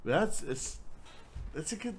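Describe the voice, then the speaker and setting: A young man telling a rambling, profanity-filled story in a casual, animated way. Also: fairly high pitch, slow, noisy background. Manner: rambling, swears a lot, animated. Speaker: storyteller guest.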